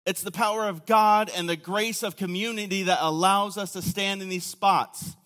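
A man preaching a sermon, telling the story casually with acted quotes, often dropping to a quiet, low voice. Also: steady tone, normal speed. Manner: casual storytelling with acted quotes and sudden drops to near-whisper. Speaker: pastor. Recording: long hall reverb.

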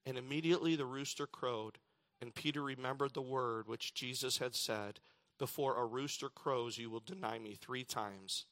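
A man preaching a sermon, reading scripture dramatically and swinging between loud declarations and hushed lines. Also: mid-range voice, normal speed. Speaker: pastor.

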